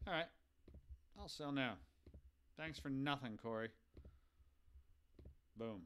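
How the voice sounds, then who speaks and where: A man's voice: mid-range voice, slow, creaky, long pauses, a bit bright, clear, resonant tone. A man hosting a live baseball video game session, thinking aloud in casual commentary and asking his viewers for advice.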